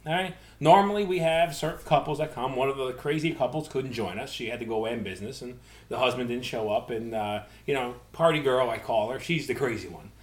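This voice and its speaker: A middle-aged man hosting a casual podcast chat, a loud, animated storyteller who swears freely. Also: mid-range voice, brisk, echoey room. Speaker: podcast host.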